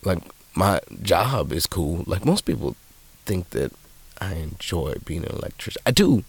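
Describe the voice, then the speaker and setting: A man's voice: low-pitched, sing-song, unhurried, breathy edge, no room sound. A man hosting a podcast, telling stories in a rambling, profane, casual monologue full of restarts. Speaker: podcast host. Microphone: podcast microphone.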